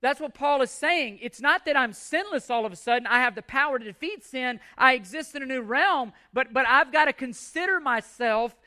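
Male pastor delivering an emphatic sermon; bright, forceful tone. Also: very high voice, expressive, normal speed, hardly any pauses. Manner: emphatic preaching with repeated phrases and scripture readings.

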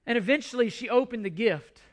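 A man's voice: extremely high pitch, fairly quick. A man preaching a sermon as a pastor, telling a story earnestly and often restarting his sentences. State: emotional at times.

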